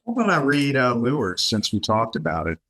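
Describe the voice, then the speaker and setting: A middle-aged man, chatting on a podcast and reading his own poems aloud in an even, measured way. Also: mid-range voice. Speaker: guest poet. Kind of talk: podcast chat and poetry reading.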